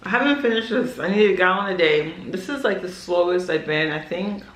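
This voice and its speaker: A woman's voice: lowish voice, brisk, a bit bright. A young woman vlogging at home, chatting in a rambling way with many fillers while she eats. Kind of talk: casual chat while eating. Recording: echoey room.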